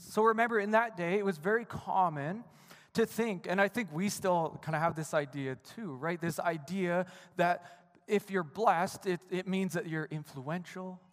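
A man preaches an earnest sermon in a fairly high voice and often doubles back on his own words. His voice rings out into a long, echoing hall. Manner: earnest, repeats words as he speaks, frequent "right?". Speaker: pastor. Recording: reverberant hall.

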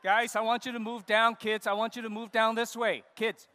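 A man leading a church service as pastor, giving a lively children's sermon and coaxing the kids to come forward. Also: very high-pitched, moderate pace, background noise. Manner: animated, coaxing, talks to kids. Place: church sanctuary.

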